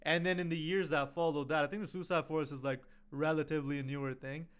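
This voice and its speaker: Man producer co-host, clear, slightly high, slangy and relaxed. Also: fast talker. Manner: laid-back, slangy. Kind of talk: casual comedy podcast chat.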